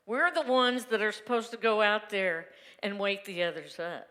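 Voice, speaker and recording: A woman with a mid-range voice speaks at a moderate pace in a bright, forceful tone. She's a reverend delivering a candid, conversational Sunday sermon drawn from her own life, laughing often as she testifies. The recording carries the reverberation of a church sanctuary.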